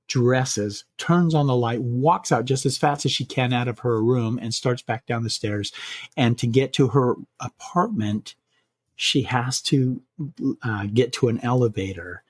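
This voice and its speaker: A man hosting a podcast, telling a scary bedtime story in a measured way, slowing down for suspense. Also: mid-range voice, slightly rough, no room sound. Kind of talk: spooky bedtime story narration.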